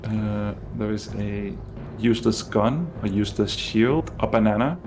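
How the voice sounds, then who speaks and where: A man's voice: on the low side, measured pace, music in the background. A man co-hosting a live game stream, chatting casually in a dry, wry way. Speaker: co-host. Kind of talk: casual gaming stream chat.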